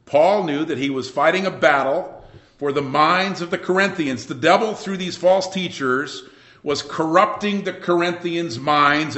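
Emphatic male preacher in an echoey room. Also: medium pitch. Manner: animated, emphatic, with sudden loud bursts and quiet asides. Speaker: pastor. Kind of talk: sermon.

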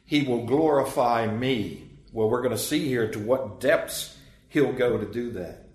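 A man's voice: medium pitch, a little slow, darkish tone, reverberant. A man preaching a sermon as pastor, earnest and emphatic, with swelling and dropping emphasis.

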